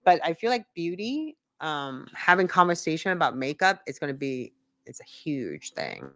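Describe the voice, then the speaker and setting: A woman's voice: low voice, sing-song, moderate pace, a bit bright. A woman hosting a casual live audio chat about beauty, keeping the show organized and planning its schedule. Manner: organizing, plans the show's schedule. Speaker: host.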